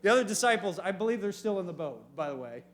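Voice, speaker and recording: Man preaching to a teen group, animated, voice a bit high, asks questions. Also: quick pace, background noise. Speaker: youth pastor. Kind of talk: sermon. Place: church youth meeting room.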